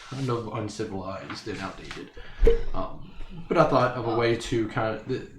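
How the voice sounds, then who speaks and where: Guy with a lowish voice rambling through a game explanation, echoey room. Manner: halting, restarting explanations. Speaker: player. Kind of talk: casual tabletop play. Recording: echoey room, faint noise.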